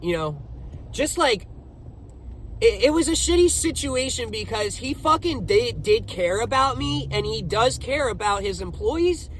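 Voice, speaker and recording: A man's voice: very high-pitched, measured pace, slight background noise. A young man casually telling his own story, swearing often and speaking with heavy emphasis. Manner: profane, emphatic, animated retelling.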